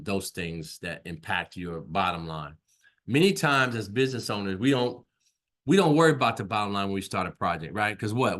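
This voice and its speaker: A male instructor teaches an online class conversationally, repeating himself and frequently checking in with "right?". His voice is lowish and a bit bright.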